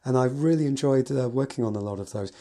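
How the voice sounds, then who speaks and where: Mellow-voiced man gushing over pieces. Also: medium pitch, quick pace. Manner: enthusiastic, gushing with adjectives. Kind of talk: casual spoken review from notes.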